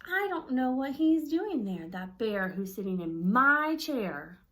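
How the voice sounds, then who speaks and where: Read aloud by a woman, a small, frustrated male mouse from a children's storybook complains in a high, drawn-out voice. Each line is stressed for effect, slow and pointed. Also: lively intonation. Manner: exaggerated, emphatic storybook reading.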